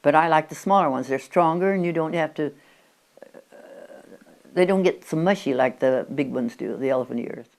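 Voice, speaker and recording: Woman in her 90s, low voice, rambling reminiscence, chatty, stumbling restarts. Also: moderate pace, pauses often, a little mellow. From Oregon, USA. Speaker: interviewee. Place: at her country home.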